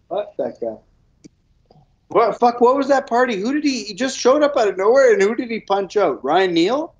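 A man's voice: very high-pitched, big pitch swings, moderate pace. A man telling stories in casual chat, profane and laughing as he talks.

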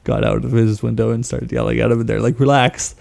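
A man's voice: mid-range voice, little pitch movement, fast talker, creaky, a little mellow. A man in casual chat, chiming in with jokes and laughing often. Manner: joking interjections, laughs often.

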